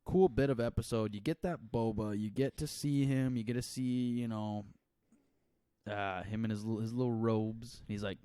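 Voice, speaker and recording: A young man with a lowish voice chats casually as a podcast co-host, rambling and laughing between thoughts. The sound is close and dry. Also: fairly even intonation, normal speed, mellow, smooth, no room sound. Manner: rambling, laughs often, slips into mock accents.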